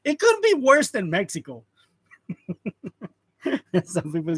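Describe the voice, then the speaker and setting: A man in his forties chats casually on a live stream, calling out viewers by name and laughing lightly as he goes. His voice sits fairly high for a man. The sound is dry and close, as from a clip-on mic. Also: sing-song, slow pace, pauses often, no room sound. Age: 40s. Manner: greets viewers by name, chuckles often. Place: print shop. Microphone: wireless lavalier.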